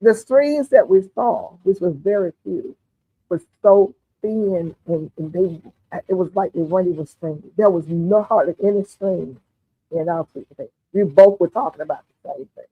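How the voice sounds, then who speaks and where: A woman's voice: on the low side, moderate pace, husky, dry recording. A woman hosts a gardening livestream, chatting with viewers in a folksy way and calling them honey and darling. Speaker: gardening channel host. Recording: tinny phone-like audio, dry.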